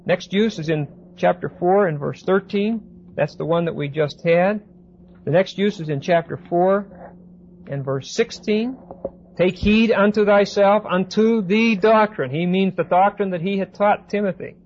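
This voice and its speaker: Man, higher voice, Bible class lecture, slow emphatic scripture reading, casual asides, dull lo-fi tape, faint hiss. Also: a little mellow. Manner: reads scripture aloud slowly with emphasis, then explains in casual asides. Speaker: Bible teacher.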